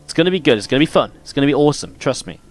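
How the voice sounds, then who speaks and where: A man's voice: mid-range voice, animated, rapid-fire. A man casting a live esports match, calling the play and chatting playfully with viewers between the action. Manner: jokey, playful with the audience. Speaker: esports caster and stream host. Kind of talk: live game commentary mixed with chat banter.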